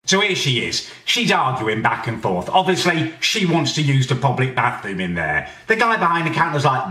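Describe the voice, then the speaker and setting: A British man doing a comedic rant, exasperated and swearing, often shouting in indignation. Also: medium pitch, very animated, fairly quick, distant mic. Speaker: comedy ranter. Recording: roomy, a bit off mic.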